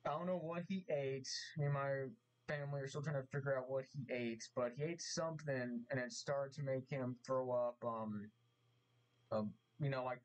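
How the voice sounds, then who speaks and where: A man making an earnest vlog apology, speaking haltingly and repeating himself, getting emotional as he talks. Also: mid-range voice, highs cut off. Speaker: vlogger. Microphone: mask on, camera vlog.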